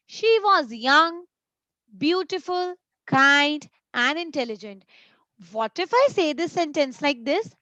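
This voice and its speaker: A woman teaching a live online grammar class, explaining patiently, repeating points and reading example sentences slowly with clear pauses. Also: sits high, fairly bright tone, no echo. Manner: reads example sentences aloud with deliberate pauses. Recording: dry, slightly dull lo-fi audio.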